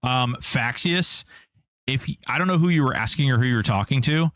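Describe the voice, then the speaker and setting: A man's voice: medium pitch, lively intonation, moderate pace, fairly bright tone, dry recording, clean studio sound. A man streaming an online game, chatting casually and joking while answering his chat. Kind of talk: casual live-stream commentary.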